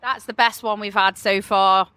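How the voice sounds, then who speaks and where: A woman's voice: medium pitch, fairly even intonation, moderate pace, bright, forceful tone, no echo. A woman interviewer chatting playfully while reading out quiz questions.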